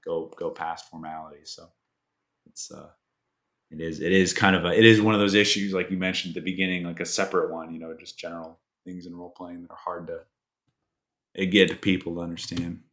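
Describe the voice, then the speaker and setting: A man chats casually as a player in a tabletop game, filling his talk with likes and you-knows. His voice is low-pitched, with a bright, forward tone. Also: level tone, fairly quick.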